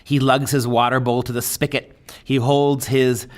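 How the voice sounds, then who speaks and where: A male lecturer giving a discursive lecture, often asking "right?" and pausing with "uh". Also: medium pitch, level tone. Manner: discursive, with frequent rhetorical "right?" and filler "uh".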